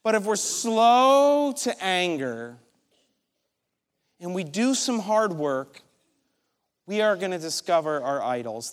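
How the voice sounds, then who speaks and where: A middle-aged man preaching a sermon, animated and storytelling, acting out his own thoughts. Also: a little high. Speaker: pastor. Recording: large hall reverb.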